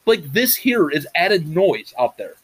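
A man's voice: on the high side, very animated, measured pace, crowd noise. A man co-hosting a casual talk show, rambling and swearing bluntly. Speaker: podcast co-host. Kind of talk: casual chat.

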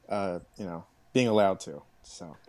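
A young man co-hosting a podcast, talking hesitantly with many restarts and soft laughs. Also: low-pitched. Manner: hesitant, hedging, laughs often. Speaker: podcast co-host. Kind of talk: casual chat.

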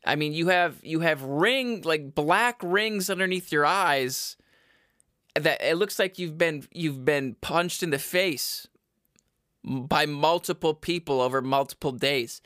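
A man's voice: a little high, measured pace, bright, forceful tone, no room sound. Rambling, profane young man on a dry mic. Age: young adult. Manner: rambling, profane, self-mocking, goes off on side notes. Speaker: podcast host. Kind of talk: casual solo podcast rant.

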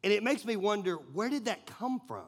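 A man's voice: high-pitched, sing-song, normal speed, breathy edge. A man preaching a sermon in a casual, conversational way, telling stories with lots of filler words. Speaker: pastor.

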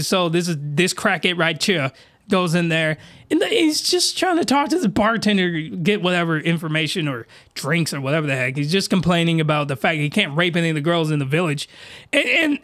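Animated man hosting a comedy podcast. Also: sits high, moderate pace. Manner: animated, incredulous, slangy. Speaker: podcast host.

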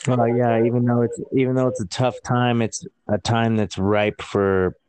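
A man hosting a conversation, speaking in a calm, reassuring and measured way. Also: medium pitch, smooth, no echo. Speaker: host. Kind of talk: supportive conversation.

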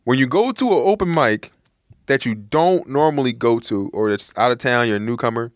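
A male comedian talks fast and emphatically on a podcast, swearing freely, and his pitch swings up and down as he makes his points. The sound is close and dry. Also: no echo. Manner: fast, animated, profane and emphatic. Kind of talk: casual chat.

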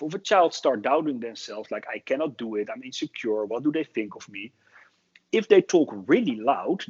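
Guy, husky voice, bouncy intonation, giving speaking tips, kinda muffled audio. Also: on the high side. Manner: animated, demonstrates fast talk with pauses. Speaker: public speaking coach. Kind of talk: interview answers, explanatory. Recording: dull lo-fi audio.

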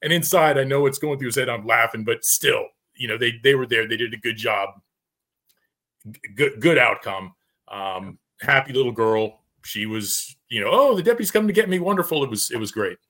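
A former police officer talking on a roundtable show, telling a story and slipping into the voices of the people in it. His voice is bright and forceful at a middle pitch. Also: normal speed. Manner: animated storytelling with acted-out quotes. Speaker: retired police officer panelist. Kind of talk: casual roundtable discussion.

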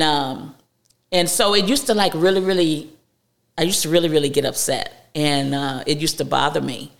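A woman guest speaking candidly about her recovery, halting and heartfelt, with frequent restarts. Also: sits low, vocal fry.

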